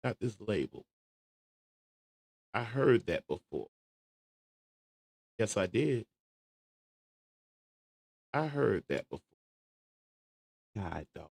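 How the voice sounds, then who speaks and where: A man's voice: on the low side, sing-song, drawn-out words, vocal fry, pauses often, darkish tone, breathy edge, no room sound. Chatty man hosting a show. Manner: talks himself through searching for a clip, chatty and stalling. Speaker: show host. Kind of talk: casual livestream commentary.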